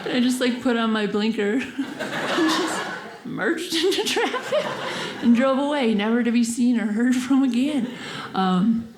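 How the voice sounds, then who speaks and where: A woman's voice: fairly high pitch, animated, a little slow. A young woman telling a stand-up story on stage, giggling through her lines and acting out voices. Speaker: stand-up comedian. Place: comedy stage before a live audience. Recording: roomy stage sound, audience noise.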